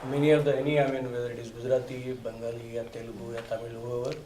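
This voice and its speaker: A man in the audience sharing information, halting, with frequent fillers. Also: medium pitch, little pitch movement, mellow, a little hiss or hum. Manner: halting, with frequent "you know". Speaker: audience member. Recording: echoey room, voice from far off.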